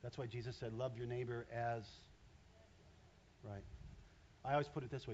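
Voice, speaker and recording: A man's voice: mid-range voice, steady tone, normal speed, a little mellow, lo-fi sound, a little hiss or hum. A man in his fifties preaching a conversational sermon from a church stage, acting out voices as he talks. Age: 50s.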